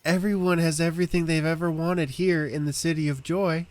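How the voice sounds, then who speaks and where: A man's voice: on the high side, steady tone, fairly quick, a little mellow, no echo, voice pushed up, natural voice. A man voicing an overly pleasant city townsperson who praises everything effusively in a tabletop game. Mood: sugary.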